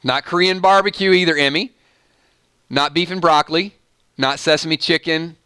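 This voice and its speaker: Bright Southern-accented man hosting a stream. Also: a little high, fairly even intonation, moderate pace, clean tone, dry recording. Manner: jokey, reads viewer comments aloud. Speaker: live stream host. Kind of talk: casual live stream chat.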